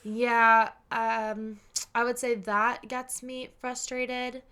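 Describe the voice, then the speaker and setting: A woman's voice: fairly high pitch, little pitch movement, drawn-out words, bright, forceful tone, clean tone. A woman guest on a podcast in casual, playful chat, poking fun at herself and trailing off to a mumble at the end of phrases. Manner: playful, self-deprecating, drops to a mumble at phrase ends.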